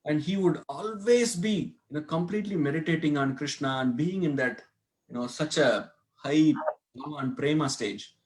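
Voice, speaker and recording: In a temple hall, a man with a somewhat high voice teaches a devotional scripture class at a moderate pace. He tells a story and poses questions to his listeners along the way.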